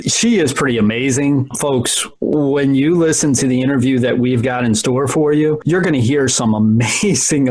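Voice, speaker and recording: A man's voice: medium pitch, a little mellow, no room sound. A man hosting a podcast, upbeat and promotional as he introduces guests and sponsors. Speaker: podcast host. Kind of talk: casual podcast chat.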